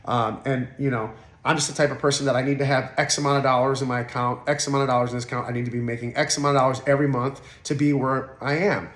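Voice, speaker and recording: A man's voice: mid-range voice, little pitch movement, quick pace, hardly any pauses, a bit bright. A man in his forties talking candidly as an interview guest, blunt and emotional, with profanity and frequent restarts. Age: 40s. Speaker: podcast guest. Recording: roomy echo.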